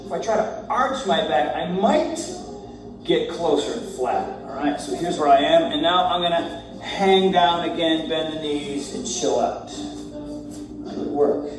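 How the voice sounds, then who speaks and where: A man guiding a yoga warm-up, cueing breaths and poses in a relaxed, joking way as he moves. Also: fairly high pitch, a little slow. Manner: relaxed, joking, talks while moving through poses. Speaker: yoga instructor. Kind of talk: guided yoga class. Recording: very echoey room, distant mic, faint music.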